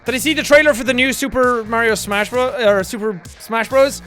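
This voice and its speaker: A man hosting a casual livestream, chatting in a jokey, excitable way, with bursts of shouting and laughter. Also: very high-pitched, a little fast. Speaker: livestream host. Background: faint background music.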